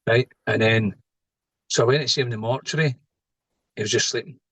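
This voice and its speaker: A middle-aged Scottish man speaks as a podcast guest, spinning out a personal story in loose, rambling sentences. He keeps checking in with the listener with a quick "right?" The recording is close and dry, with no room sound. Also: mid-range voice, fairly bright tone, slightly rough, no echo, rough recording. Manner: rambling, tags lines with "right?". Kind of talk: casual storytelling.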